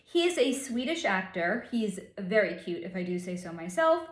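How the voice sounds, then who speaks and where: A woman's voice: medium pitch, very animated, normal speed, roomy sound. A woman hosting her own psychic channel, relaying energy readings in a casual vlog with snarky, chatty asides.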